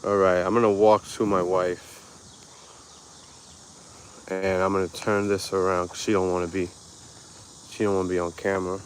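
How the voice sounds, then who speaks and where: A man's voice: low-pitched, flat delivery, moderate pace, long pauses, slight background noise. A man hosting a casual walk-and-talk live stream on an outdoor park path, chatting laid-back with viewers through a handheld phone.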